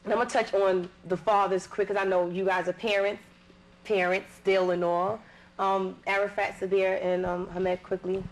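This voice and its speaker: A woman hosting a panel discussion, giving short prompts and quick affirmations between guests. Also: medium pitch, flat delivery, poor audio. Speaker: panel host.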